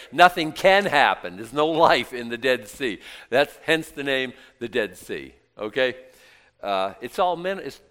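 A man preaching a conversational Bible sermon. He reads scripture, breaks off into casual, joking asides and puts rhetorical questions to his listeners. His voice sits at a middle pitch and swings between loud and hushed.

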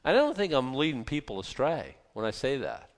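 A man's voice: medium pitch, very animated, a little fast. A man leading a conversational Bible study, earnest and repeating himself, with frequent fillers and restarts. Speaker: Bible teacher. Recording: long reverb, hall.

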